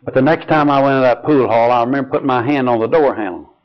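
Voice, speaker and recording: Older man preaching, earnest and slow, mid-pitched, muffled lo-fi recording. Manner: slow, earnest, drops to a soft low voice on key lines. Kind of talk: sermon with personal stories. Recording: dull lo-fi recording.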